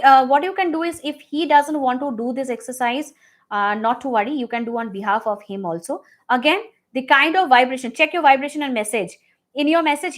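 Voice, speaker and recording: A woman coaching listeners through a healing prayer in a live Q&A, earnest and repetitive, with many fillers, dropping soft and low on the prayer words. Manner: drops soft and low when reciting the prayer. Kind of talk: live Q&A teaching.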